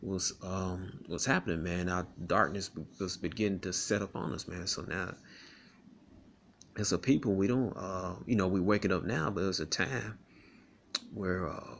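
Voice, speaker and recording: A man's voice: sits low, a bit bright, a little hiss or hum. A man reading Bible verses aloud and explaining them in a casual, rambling way, often tagging "man, all right?" onto his sentences. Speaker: scripture teacher. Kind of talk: casual scripture study talk.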